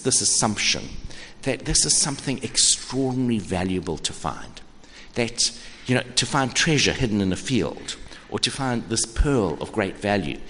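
Lively older man preaching in a hall. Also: low voice. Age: 60s. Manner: conversational, animated preaching with frequent restarts. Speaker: pastor. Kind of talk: sermon. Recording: echoey hall with faint ambience.

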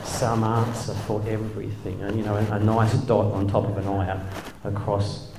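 A man's voice: lowish voice, level tone, normal speed, gravelly, background noise. A middle-aged man, a former church leader telling self-deprecating stories to a live audience. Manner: self-deprecating, wry, chuckling asides. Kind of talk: humorous storytelling talk. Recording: echoey hall.

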